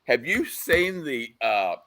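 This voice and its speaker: A man guesting on a motorcycle talk show, telling animated stories and laughing as he goes. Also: mid-range voice, takes it slowly. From United States. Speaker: guest, motorcycle engine builder. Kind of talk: casual chat.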